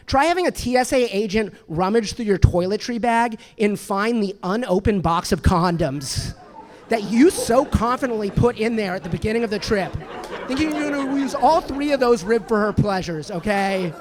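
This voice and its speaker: A man's voice: high-pitched, lively intonation, a little fast. A man in his thirties doing a stand-up comedy set on a club stage, rambling and self-deprecating, with lots of restarts and fillers. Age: 30s.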